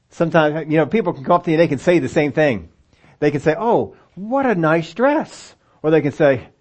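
A man preaching a sermon in a conversational way, acting out the voices of the story's people for a congregation with children present. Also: on the high side. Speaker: pastor. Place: church sanctuary with children present.

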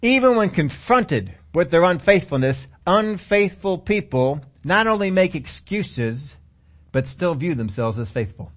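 A man's voice: high voice, very animated, a little slow. A man preaching a sermon, reading scripture aloud and then commenting on it.

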